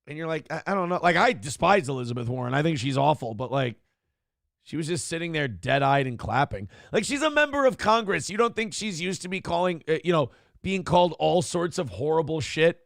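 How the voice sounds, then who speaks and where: High, gravelly man ranting bluntly. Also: lively intonation, brisk, no room sound, studio quality. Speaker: morning show host. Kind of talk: live show commentary reacting to news and chat.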